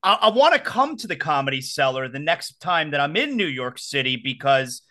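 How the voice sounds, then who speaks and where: A man's voice: fairly high pitch, sing-song, moderate pace, bright, forceful tone. A man hosting a casual talk show, reacting emphatically to his guest. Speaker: podcast host. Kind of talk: casual chat.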